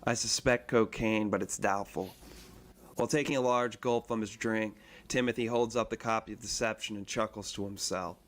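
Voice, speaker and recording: A man reading a first-person novel aloud in a steady, even manner. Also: lowish voice, normal speed. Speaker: reader.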